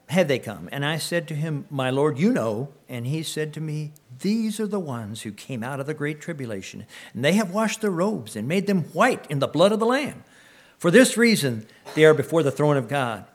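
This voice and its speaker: A male preacher reading scripture aloud in a measured sermon voice of ordinary pitch. He slows down for the sacred lines and swells on words of praise, then slips into loose, casual commentary, pausing now and then to clear his throat.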